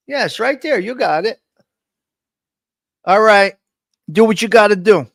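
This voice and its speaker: A man with a slightly high voice hosts a casual live stream from his desk microphone, loose and jokey. He keeps calling out his viewers by name, and the sound is dry and close, with no room echo. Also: animated, unhurried, creaky, pauses often, fairly bright tone.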